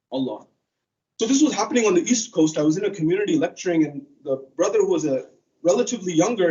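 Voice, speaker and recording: A man's voice: on the high side, dark tone, far from the mic, dull audio. Man giving a conversational sermon. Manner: conversational, storytelling with acted quotes. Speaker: speaker at a religious center. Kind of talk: Muharram sermon lecture.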